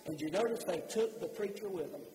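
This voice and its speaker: High-voiced preacher in an echoing church. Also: male voice, a little fast, a little hiss or hum. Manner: impassioned preaching, rising to shouts, dropping to soft emphasis. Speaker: pastor. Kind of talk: sermon. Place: church sanctuary. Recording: roomy church hall reverb.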